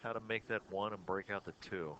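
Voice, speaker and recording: A man giving measured, analytical play-by-play commentary on a pool match. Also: sits low, fairly bright tone, muffled recording, slight background noise. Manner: measured, analytical, chuckles often.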